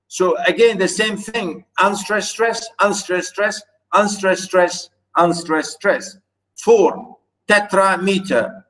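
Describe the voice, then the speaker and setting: Male lecturer, high voice, unhurried classroom delivery full of fillers. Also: fairly bright tone, low-quality recording. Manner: slow, repetitive, with many fillers and restarts.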